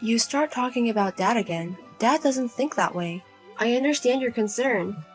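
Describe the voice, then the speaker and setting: A woman playing a fed-up grown daughter who speaks flatly and firmly to her pushy mother in a narrated drama. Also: a little high, moderate pace, faint music behind, natural voice. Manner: flat, firm, cold and blunt. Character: Lizzie, grown daughter, cool, blunt, fed up.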